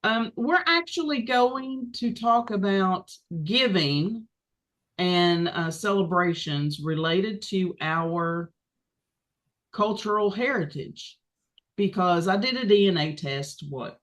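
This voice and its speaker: A woman co-hosting a podcast, chatting casually with her sisters, pausing often with ums. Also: medium pitch. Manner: relaxed, many ums and pauses. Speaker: podcast co-host. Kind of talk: casual chat.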